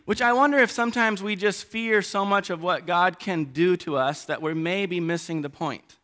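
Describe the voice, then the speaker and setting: Animated bright-voiced male preacher. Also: high voice, moderate pace, hardly any pauses. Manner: animated, swings between loud emphasis and quiet asides. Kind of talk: sermon.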